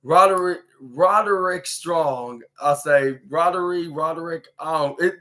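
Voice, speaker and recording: Male podcast host, bright and slightly high voice, halting and rambling delivery full of fillers. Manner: rambling, halting, many fillers and restarts, acts out quotes. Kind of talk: casual wrestling recap.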